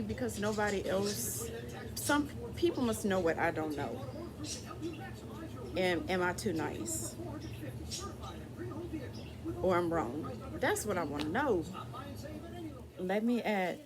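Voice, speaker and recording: A woman talking candidly and ramblingly in a casual personal vlog to her viewers, asking them for advice. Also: medium pitch. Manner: candid, rambling, dialect speech with restarts.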